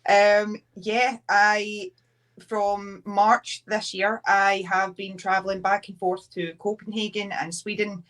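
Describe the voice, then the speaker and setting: Young Scottish woman, wrestler guest, lively anecdotes acted out. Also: mid-range voice, slow. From Scotland. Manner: chatty storyteller, acts out quotes. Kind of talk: casual podcast chat.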